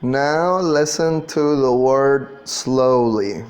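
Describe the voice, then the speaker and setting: A man's voice: medium pitch, extremely slow. A man teaching an English class, patiently drilling pronunciation and spelling words out letter by letter. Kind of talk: classroom lesson.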